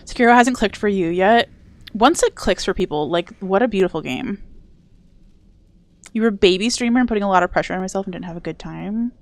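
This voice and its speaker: A woman's voice: mid-range voice, brisk. A young woman streaming a game, chatting playfully with her viewers and reading their messages. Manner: chatty and playful, reads and answers chat. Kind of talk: casual live-stream chat while gaming.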